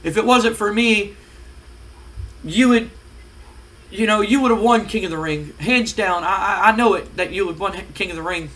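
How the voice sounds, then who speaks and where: A man's voice: sits high, moderate pace, sharp tone, voice pushed up, low-quality recording. A man putting on a stammering apologetic young woman. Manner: stammering, hesitant.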